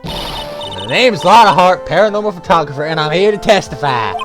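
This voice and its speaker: A brash young woman photographer, as a player puts her on with a hammy Southern drawl. The delivery is loud and folksy and swings widely in pitch. Game music plays underneath. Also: very animated, normal speed, natural voice. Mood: chatty. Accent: put-on Southern US drawl. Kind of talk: voicing game dialogue while playing.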